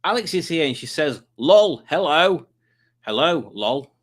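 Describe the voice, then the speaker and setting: A man's voice: on the high side, expressive, moderate pace, a bit bright. A man hosting a live stream, chatting casually and joking while reading out viewer comments. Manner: playful, jokey, chatty asides.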